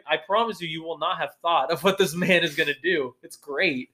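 A man co-hosting a podcast in casual chat, lively, breaking into raised voices when he quotes characters. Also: fairly high pitch, fairly quick. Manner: animated, acts out quotes in a raised voice. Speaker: podcast co-host.

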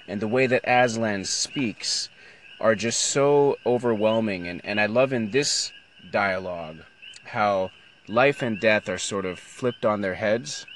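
A man's voice: fairly low pitch, a bit bright, a little hiss or hum. A middle-aged man reading from a storybook and reflecting on it in a thoughtful, hesitant, moved way. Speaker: Christian speaker.

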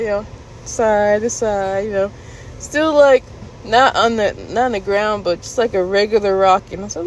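A woman vlogger casually recounting a story to her viewers, candid and laughing, jumping into high squeals when she quotes herself. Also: moderate pace, a little hiss or hum, poor audio. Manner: animated retelling, jumps to high squeals when quoting herself.

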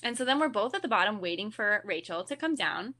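Bright-voiced young woman guest. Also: mid-range voice, fast. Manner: giggly, excited retelling. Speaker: podcast guest. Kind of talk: casual storytelling chat.

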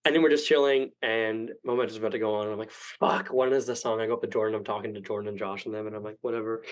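A man's voice: lowish voice, rapid-fire, poor audio. A young man telling a long rambling story on a podcast, swearing often and acting out what people said. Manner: rambling, profane, animated quoting. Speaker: podcast guest. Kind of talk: casual storytelling.

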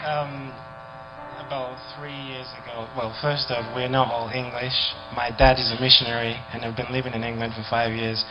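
A young man gives his testimony in earnest at a church conference. Soft worship music plays clearly under his voice. The sound is dull and lo-fi. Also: medium pitch, level tone, moderate pace. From Nigeria. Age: young adult. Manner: earnest, heartfelt, building in intensity. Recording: lo-fi video with music behind.

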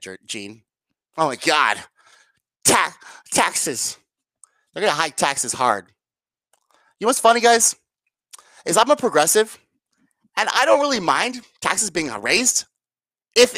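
A woman's voice: mid-range voice, fairly bright tone, no room sound. A woman ranting to her viewers as a political commentator, sarcastic, profane and exasperated. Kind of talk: angry political rant to viewers.

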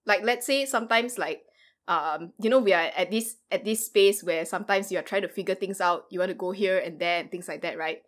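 A woman in her thirties who works in ministry, talking through her thoughts in a casual panel chat, pausing often with fillers and restarts. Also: mid-range voice. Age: 30s. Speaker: ministry worker, panel guest.

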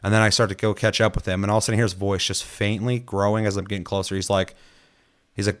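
A man's voice: lowish voice, fast. A man in casual chat, telling game stories with lots of swearing and acted-out quotes. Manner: animated storytelling, swears a lot, acts out quotes.

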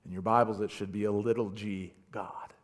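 A man preaching a sermon, retelling a story with animated delivery and stammered repeats. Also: on the low side, normal speed. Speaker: pastor.

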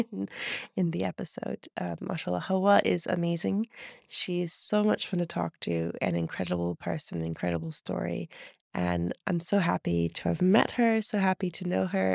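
A woman hosting a podcast interview, enthusiastic and gentle as she introduces her guest. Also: fairly low pitch, vocal fry, dry recording, studio quality. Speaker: podcast host.

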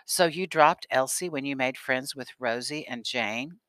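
A man voicing a stern measured father. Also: medium pitch, pushed and bright, clear, resonant tone, no echo. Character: stern fair-minded father.

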